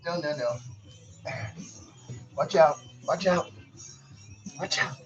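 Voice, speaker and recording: A man's voice: on the high side, slow pace, long pauses, faint music behind, low-quality recording. A man at home talking to his kittens in a playful, teasing, coaxing way. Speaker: pet owner.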